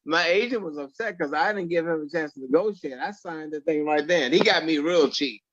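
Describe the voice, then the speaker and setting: A man telling stories in an interview, animated and acting out the dialogue he quotes. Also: fairly high pitch, fairly quick, highs cut off. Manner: animated storyteller who acts out quoted dialogue. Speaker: actor guest. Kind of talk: storytelling in an interview.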